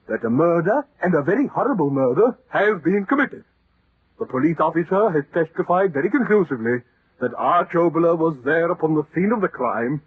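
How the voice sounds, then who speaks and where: An actor in 1940s radio acting, playing a pompous male chairman of a lunacy commission who hesitates and clears his throat. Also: high voice, dry recording, heavily acted. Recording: dry, tinny old radio recording.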